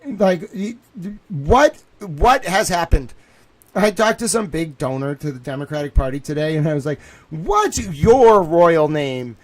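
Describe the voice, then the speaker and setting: A man streaming a casual rant, swinging between low mutters and near-shouting, often breaking into laughter. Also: expressive, moderate pace.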